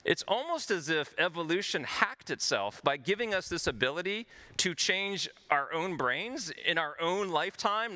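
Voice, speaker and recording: A man's voice: on the high side, sharp tone. A man, a physician, giving a conference presentation, explaining research earnestly and walking the audience through a patient's story. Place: stage at a health conference.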